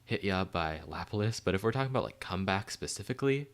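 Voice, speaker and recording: This male livestreamer rambles excitedly through chat questions, full of filler words and a casual air. He speaks fast in a low voice with a clear, resonant tone.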